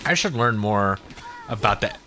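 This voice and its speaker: A man's voice: lowish voice, lively intonation, normal speed, sharp tone, a little hiss or hum. A man hosting a let's play, rambling in casual gameplay commentary and swearing often.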